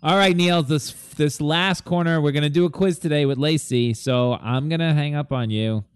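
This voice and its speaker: A man's voice: on the high side, moderate pace, a little hiss or hum. A man hosting a radio show, chatting casually and teasing as he runs a quiz.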